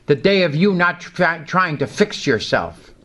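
A man's voice: a little high, expressive, a little slow, a bit bright. A male pastor giving a sermon, reading scripture and leading the congregation in call-and-response. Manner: emphatic preaching, leads call-and-response.

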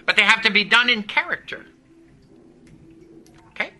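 Guy preaching a sermon, really high pitched, emphatic, keeps asking the church for answers. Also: expressive, normal speed, pushed and bright, rough recording. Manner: emphatic, calls for responses from the congregation.

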